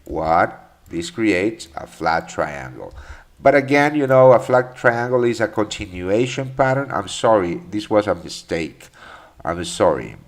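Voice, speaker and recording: Man, low voice, live market commentary, casual and profane, lots of ums and restarts. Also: lively intonation, measured pace. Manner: loose and profane, many fillers and restarts. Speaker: trading stream host answering chat questions.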